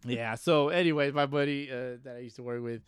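A man's voice: mid-range voice, fairly quick, clear, resonant tone, no echo. A man co-hosting a casual sports podcast, joking and laughing between crude banter. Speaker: podcast co-host. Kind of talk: casual chat.

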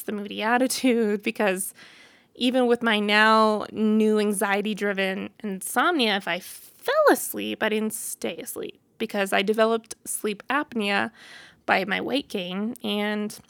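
A woman's voice: mid-range voice, creaky, a bit bright, dry recording. A woman in her thirties telling her personal story to camera in a frank, chatty way, full of fillers. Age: 30s. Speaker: vlogger.

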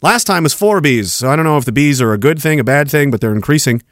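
A man's voice: on the high side, expressive, fast talker, a bit bright, no echo, studio quality. A man hosting a podcast, ranting angrily and sarcastically with lots of swearing while reading viewer comments. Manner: angry, profane, sarcastic ranting. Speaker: podcast host.

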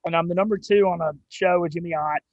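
A young man with a Southern drawl, telling his story as an interview guest in an excited, quick way with some cursing. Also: a little high, no room sound, muffled recording. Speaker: sports radio and gambling show host, guest.

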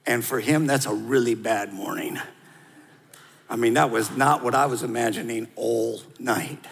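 A man preaching a sermon in a lively, conversational way, drawing the audience into call-and-response. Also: mid-range voice, normal speed, gravelly, slightly rough. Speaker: pastor. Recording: long hall reverb.

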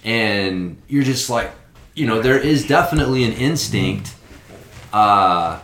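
Casual male podcast host, low-ish but bright and forceful tone, lots of cursing, roomy room sound. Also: animated, slow. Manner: profane, acts out quoted exchanges. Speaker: father of young kids. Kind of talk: casual chat. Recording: roomy echo.

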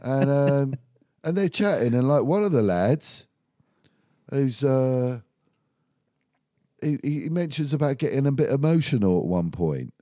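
A man with a warm, mellow tone tells a story in a casual chat. He swears freely and acts it out with energy. The sound is close and dry. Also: medium pitch, sing-song, a little slow, long pauses, dry recording.

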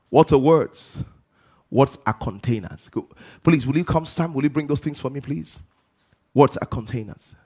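A man's voice: mid-range voice, a little mellow. A man preaching a sermon to a congregation. He asks rhetorical questions and answers them himself, with emphatic rising delivery.

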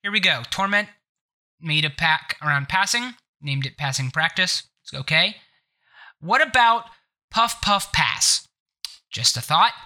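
A man's voice: fairly high pitch, lively intonation, normal speed, bright, forceful tone. A man with a stuffed-up nose hosting a casual gaming podcast, joking and sarcastic as he rambles. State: congested nose. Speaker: podcast host.

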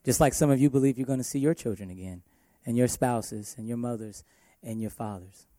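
Male worship pastor preaching, emphatic delivery, mellow tone, close dry sound. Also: mid-range voice, a little fast, no room sound. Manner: emphatic preaching with shifting loudness. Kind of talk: sermon.

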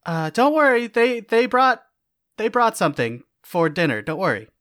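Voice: medium pitch, big pitch swings, normal speed, fairly bright tone. Hesitant, polite tabletop player. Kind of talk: playing a character in a tabletop game.

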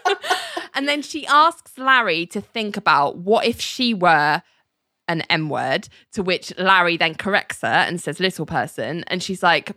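Bright, lively woman recapping a show. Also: mid-range voice, moderate pace, no room sound, studio quality. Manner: animated, acts out quotes, laughs often. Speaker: podcast co-host recapping a TV episode. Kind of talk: casual chat recap.

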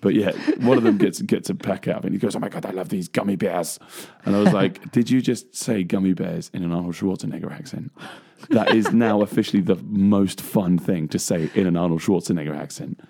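A man's voice: deep voice, steady tone, a little fast, creaky, hardly any pauses, warm tone, husky. A man co-hosting a casual music talk show, rambling with plenty of fillers and frequent laughs. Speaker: co-host, bass player. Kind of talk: casual chat. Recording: radio show studio mic.

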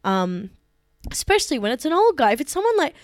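Woman, slightly high, playful, dry close mic. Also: sing-song, brisk, dry recording. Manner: gushing, playful, swears casually. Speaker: podcast co-host. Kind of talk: casual chat.

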